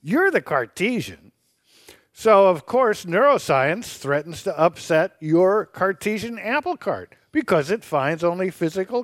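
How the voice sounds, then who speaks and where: A man's voice: high-pitched, no room sound, studio quality. A man co-hosting a radio show, debating philosophy with a sarcastic, teasing edge and laughing as he argues. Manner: laughs while arguing.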